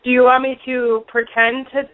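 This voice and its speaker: A woman's voice: high-pitched, level tone, normal speed, no room sound. A woman co-hosting a podcast, teasing her partner in a dry, laughing way. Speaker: podcast co-host. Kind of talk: casual chat. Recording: dry tinny phone-like sound.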